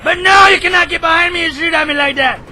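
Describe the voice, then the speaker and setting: A hoarse man giving rambling, excitable commentary over his own gameplay footage, now and then bursting into shouts. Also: very high voice, fast talker, low-quality recording. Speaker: gameplay video host.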